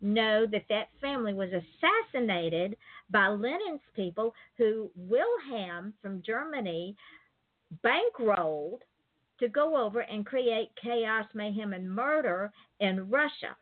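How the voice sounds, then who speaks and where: A woman's voice: medium pitch, animated, slow. A woman hosting an interview in casual chat, telling stories in a rambling, digressive way. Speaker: interview host. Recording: tinny phone-like line.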